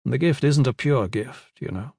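A man's voice: medium pitch, normal speed, creaky, a little mellow, breathy edge, no echo, clean studio sound. A man voicing a powerful male lord who speaks earnestly and gives firm orders. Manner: earnest, commanding.

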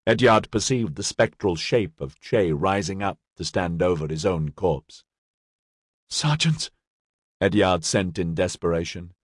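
A man reading scripted narration of a novel in a measured, dramatic way. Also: low voice, no room sound, studio quality. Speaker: audiobook narrator.

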